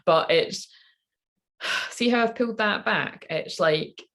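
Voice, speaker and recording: A woman's voice: mid-range voice, takes it slowly, fairly bright tone. A woman in her thirties, a tarot reader, telling a candid personal story in a rambling, swearing way.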